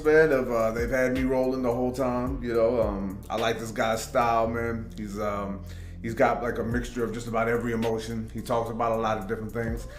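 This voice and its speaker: A man's voice: mid-range voice, roomy sound. A man hosting a reaction video, talking in a laid-back, casual way with lots of fillers. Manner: laid-back, filler-heavy, laughs along. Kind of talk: casual chat.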